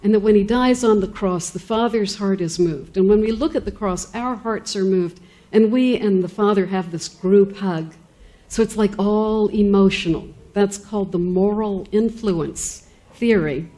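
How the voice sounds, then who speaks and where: Chatty woman lecturing with a mellow voice. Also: mid-range voice, a little slow. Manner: conversational, many fillers and restarts, acts out quoted speakers. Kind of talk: informal lecture.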